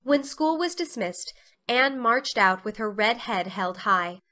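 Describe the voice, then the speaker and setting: Bright, expressive woman narrating a story. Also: fairly high pitch, unhurried.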